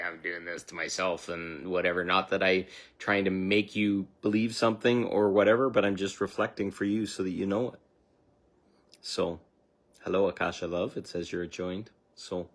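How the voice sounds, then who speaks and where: A man speaking as a spiritual coach on a livestream. He talks earnestly and off the cuff, trails off into asides, and acts out quoted inner voices with sudden jumps in pitch. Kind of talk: livestream talk.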